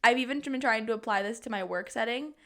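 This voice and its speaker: A woman's voice: fairly high pitch, fast talker, pushed and bright. A woman in her twenties co-hosting a podcast, talking candidly and laughing often in casual chat. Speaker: podcast co-host.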